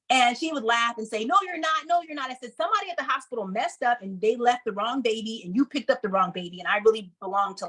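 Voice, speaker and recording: Woman, thirties, personal storytelling, animated, acts out quotes, mid-pitched voice. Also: low-quality recording. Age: 30s. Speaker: speaker. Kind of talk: personal story told to an audience.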